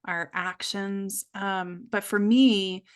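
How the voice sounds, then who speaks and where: A woman's voice: mid-range voice, fairly even intonation, takes it slowly, clear, resonant tone. A middle-aged woman speaking as a podcast guest, telling a candid personal story in an earnest way and acting out the voices she quotes. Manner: earnest, acts out quoted voices, many fillers.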